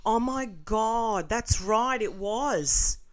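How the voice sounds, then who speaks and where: A woman's voice: a little high, expressive, very slow. A woman host reading viewer comments aloud and reacting with blunt, sarcastic, profane remarks. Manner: sarcastic, blunt, swears freely.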